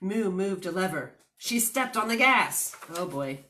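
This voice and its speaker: A woman's voice: medium pitch, animated, a little slow, pushed and bright, slight background noise. A woman librarian reading a picture book aloud at storytime, with chatty, giggly asides to the children.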